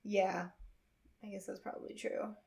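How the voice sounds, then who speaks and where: A woman in her thirties co-hosting a casual podcast chat, telling animated stories with many fillers. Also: mid-range voice, unhurried, creaky. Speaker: podcast co-host.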